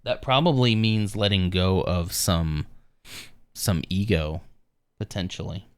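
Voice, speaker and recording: A man's voice: low voice, lively intonation, takes it slowly, clean tone, dry recording. A man streaming live, chatting casually with viewers in a rambling, easygoing way with lots of fillers.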